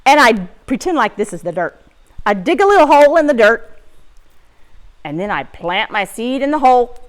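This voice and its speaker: A woman teaching young children in a lively, sing-song way, talking right to them. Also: high voice. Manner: animated, sing-song, talks to the kids. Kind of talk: children's lesson. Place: barn.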